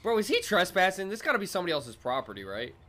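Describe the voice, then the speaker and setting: A man with a high voice that swings wildly up and down, reacting to a clip on his channel. His tone is bright and sharp as he mocks, swears and laughs along. A faint hiss sits under the voice. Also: sing-song, rapid-fire. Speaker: reaction video host. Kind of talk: excitable reaction commentary.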